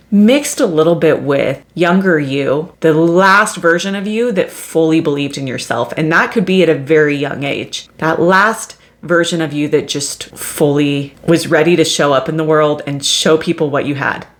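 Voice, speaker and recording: Low-voiced woman hosting a self-help podcast. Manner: measured, repetitive teaching tone. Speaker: podcast host.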